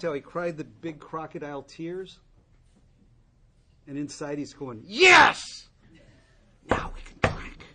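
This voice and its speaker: A man in his sixties tells a humorous, rambling story to an audience at a recovery meeting, with many restarts. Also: fairly high pitch.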